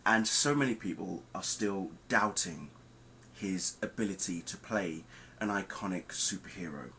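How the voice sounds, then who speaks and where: Animated man reviewing a film. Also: low voice, a little slow, a little hiss or hum, poor audio. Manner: animated and emphatic, talks straight to viewers, frequent ums. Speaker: movie reviewer. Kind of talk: casual spoken film review.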